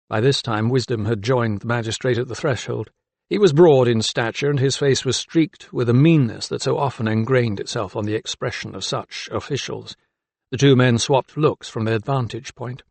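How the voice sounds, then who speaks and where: Male narrator, measured period-novel reading, gravelly texture, dry booth. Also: medium pitch, no room sound. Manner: even, measured storytelling. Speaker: audiobook narrator. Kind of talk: scripted narration. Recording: dry close studio sound.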